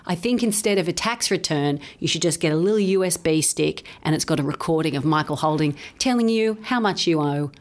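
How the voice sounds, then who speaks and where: An Australian woman, a comedian guest, chatting on a podcast. Her voice sits a little low, but she jumps up into high exclamations as she tells a story. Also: expressive, brisk, hardly any pauses. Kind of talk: casual podcast chat.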